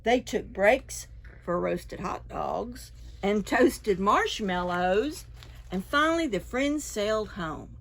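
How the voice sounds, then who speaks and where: A woman librarian reading a picture book aloud to preschoolers in a library, expressive and full of sound effects and asides. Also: mid-range voice, slow, creaky. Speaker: children's librarian. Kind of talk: preschool storytime read-aloud.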